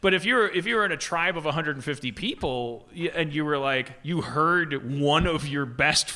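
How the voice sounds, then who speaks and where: Bright rambling comedic man, host riffing. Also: fairly high pitch, moderate pace, hardly any pauses. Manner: rambling, repeats "like" and restarts, swears. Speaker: podcast host. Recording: live podcast stage.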